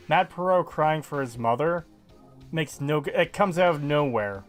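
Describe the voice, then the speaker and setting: A man's voice: on the high side, animated, moderate pace, faint music behind. A man chatting casually on a gaming stream, arguing his points with frequent swearing. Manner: argumentative, profane.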